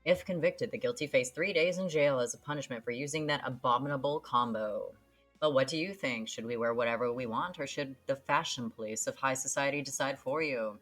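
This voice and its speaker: A woman's voice: a bass voice, a little fast, faint music behind. A woman putting on a formal newscaster voice while reading game news articles aloud. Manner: formal newsreader delivery. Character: smooth adult female TV newscaster.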